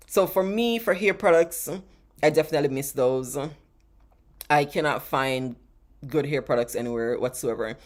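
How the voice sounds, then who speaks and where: Low-voiced chatty woman streaming live. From United States. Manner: chatty, rambling, laughs often. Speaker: family travel vlogger.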